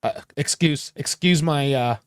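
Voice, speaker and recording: A man co-hosting a casual sports podcast, laid-back and measured, laughing easily. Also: fairly high pitch, no echo, studio quality. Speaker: podcast co-host.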